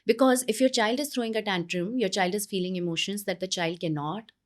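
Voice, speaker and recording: A woman's voice: medium pitch, brisk. A woman with an Indian English accent talks through parenting advice in an interview. She is earnest and explanatory, with bursts of animation when she acts out scenes from home. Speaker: parenting guest expert.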